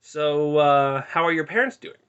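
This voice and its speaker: A man voicing an awkward young man who keeps making polite small talk with mild, slightly drawn-out questions. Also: a little high, expressive, a bit bright, clean tone, highs cut off, pitched above the performer's own voice.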